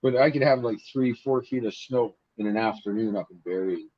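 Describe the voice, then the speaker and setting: A Canadian man from Ontario telling stories in a casual chat, animated, acting out the voices of people in his stories. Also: lowish voice, a little fast. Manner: animated storyteller, acts out dialogue. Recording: muffled lo-fi audio with faint noise.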